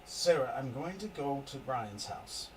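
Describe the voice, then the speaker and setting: A man's voice: mid-range voice, animated, a little slow, darkish tone, lightly acted. A man voicing a grave devout village father and husband, recorded from a distant mic with background noise. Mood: solemn.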